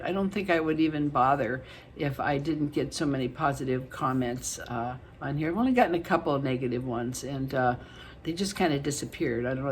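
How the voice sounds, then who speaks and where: A woman's voice: very deep voice, a little hiss or hum. A middle-aged woman vlogging to her viewers in a casual, chatty and affectionate way, with many fillers. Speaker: beauty vlogger. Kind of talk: casual chat to camera.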